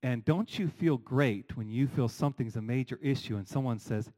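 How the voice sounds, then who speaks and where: Animated male pastor preaching. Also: mid-range voice, a little fast, few pauses, poor audio. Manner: animated preaching with rhetorical questions. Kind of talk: sermon.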